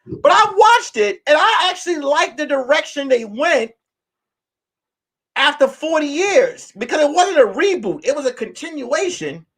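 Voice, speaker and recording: A man, a comedian, chatting casually to his viewers in a loose, animated way, slipping into song and mock voices. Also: extremely high pitch, a little slow. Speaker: comedian and vlogger. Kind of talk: casual vlog chat.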